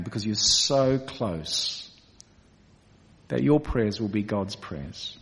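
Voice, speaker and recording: A man's voice: lowish voice, lively intonation, slow pace, long pauses, a bit bright. A man preaching a sermon in a church, earnest and direct with his congregation. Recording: echoey church hall.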